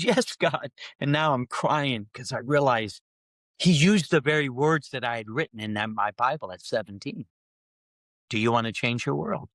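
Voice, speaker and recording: A middle-aged male pastor tells a long personal story, acting out his own prayers in character. His voice sits at a middle pitch and climbs as he gets excited. The sound is dry and close, with no room around it. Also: no echo. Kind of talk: podcast storytelling.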